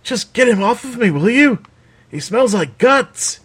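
A man voicing a tough, sharp-tongued woman scout who sneers and challenges others in a storybook reading. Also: very high voice, animated, unhurried, slightly rough, pitched above the performer's own voice, exaggerated voice. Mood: disgusted.

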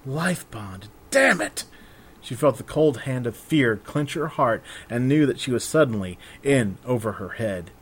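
A man narrates a fantasy story aloud in a steady, measured way. His voice sits in a middle range for a man. The reading is scripted and even-paced. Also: mid-range voice.

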